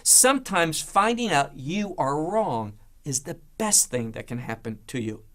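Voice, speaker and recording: A man's voice: on the high side, big pitch swings, a little slow, fairly bright tone. A man teaching a verse-by-verse Bible study, asking rhetorical questions and answering them himself, with an emphatic delivery.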